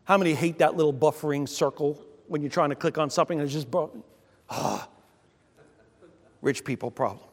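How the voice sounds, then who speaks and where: Male pastor, fairly high voice, animated sermon delivery, long church reverb. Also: a little fast, pauses often. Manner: animated, with sudden loud exclamations.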